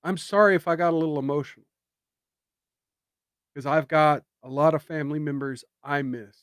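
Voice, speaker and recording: A male streamer ranting in political commentary, with a slightly high voice. He talks sarcastically and emphatically, punching lines with indignant questions. The sound is dry and close. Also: steady tone, moderate pace, a bit bright, smooth, no room sound.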